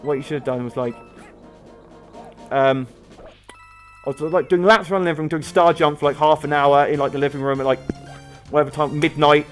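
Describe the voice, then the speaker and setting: A man's voice: fairly high pitch, steady tone, a little fast, pauses often, faint music behind. A young man, chatting in rambling casual let's-play commentary while he plays. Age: young adult. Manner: rambling chatty storytelling, many fillers. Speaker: gaming video host.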